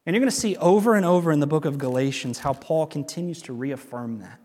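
Male pastor, conversational sermon delivery, emphatic repeats, slightly high voice. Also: fast, darkish tone, big-room sound. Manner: conversational preaching, emphatic repetition.

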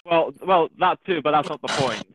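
A man's voice: a little high, moderate pace, dry recording, low-quality recording. A young man in a casual podcast chat, hesitant and stammering as he restarts his points. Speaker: podcast regular.

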